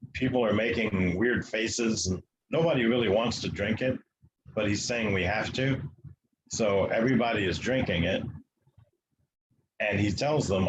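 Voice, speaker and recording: A man from the United States, a guest telling a long story in an interview, matter-of-fact and halting with fillers. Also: fairly low pitch, noisy background.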